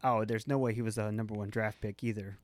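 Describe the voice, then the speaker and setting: A man's voice: fairly low pitch, steady tone, fast talker, no room sound, clean studio sound. A man co-hosting a casual sports podcast, teasing his partner in playful banter. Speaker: podcast co-host.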